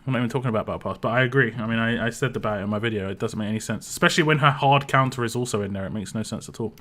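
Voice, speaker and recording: A man's voice: medium pitch, rapid-fire, fairly bright tone. A man with a British accent talking casually on a game stream, rambling through chat questions with lots of fillers and restarts. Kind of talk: casual live-stream commentary.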